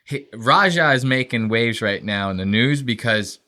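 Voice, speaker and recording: Young male podcast co-host, bright voice, casual profane rambler. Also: mid-range voice, normal speed. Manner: profane, rambling storytelling with animated impressions.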